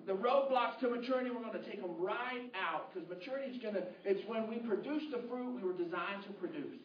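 A man preaching a sermon as pastor, telling a story with lively, shouted bursts. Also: very high-pitched. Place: church hall. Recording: roomy, muffled, distant hall audio.

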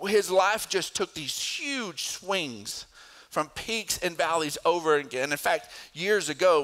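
A middle-aged pastor preaching a sermon, telling a family story and then building to emphatic exhortation. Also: male voice, a little high, fairly bright tone.

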